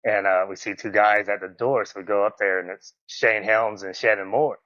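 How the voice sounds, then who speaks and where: Animated man telling stories. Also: on the low side, moderate pace, dry recording. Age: 40s. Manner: animated, acts out quoted lines in a raised voice, laughs often. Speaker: podcast guest, former wrestler. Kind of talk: casual storytelling interview. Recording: dull, slightly muffled audio.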